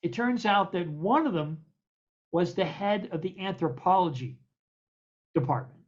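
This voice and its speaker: Older American man spinning animated anecdotes. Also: high-pitched, measured pace. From United States. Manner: animated, acts out the voices in his stories; stammers and repeats words. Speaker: guest poet. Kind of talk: anecdotal storytelling in an interview. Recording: dull lo-fi recording.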